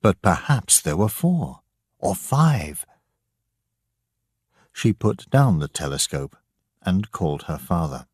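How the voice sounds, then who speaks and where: A man narrating a story slowly and deliberately for English learners. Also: low-pitched, big pitch swings, no echo, studio quality. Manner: slow, clear, deliberate reading.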